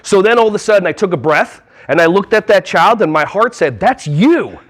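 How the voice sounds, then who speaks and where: A man giving a lively, jokey talk at a conference hall on a wireless mic, often acting out little voices. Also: high voice, brisk. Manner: playful, jokey, acts out voices. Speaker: conference speaker. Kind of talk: energetic live workshop talk.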